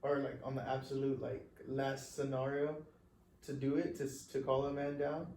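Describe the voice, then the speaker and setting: A man's voice: medium pitch, flat delivery, normal speed, darkish tone. A man co-hosting a podcast, chiming in with loose, casual chat full of "like". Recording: echoey room, distant mic, faint noise.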